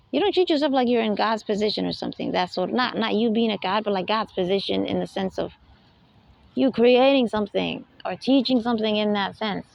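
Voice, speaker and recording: A woman's voice: mid-range voice, creaky, no room sound, lo-fi sound. A woman giving an unscripted spiritual lecture, emphatic and full of rhetorical questions, often laughing between points. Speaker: spiritual talk host.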